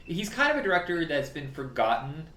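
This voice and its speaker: A man co-hosting a podcast, chatting casually about films, animated and freely swearing, laughing often. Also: on the high side, fairly quick. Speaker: podcast co-host. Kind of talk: casual film chat. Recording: roomy with faint background noise.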